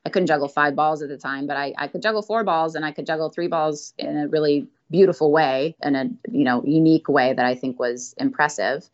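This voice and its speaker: Street performer guest, a woman with a low voice who tells stories in a chatty way and laughs often. Dull lo-fi audio. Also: steady tone, fairly quick, hardly any pauses. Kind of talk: casual interview storytelling.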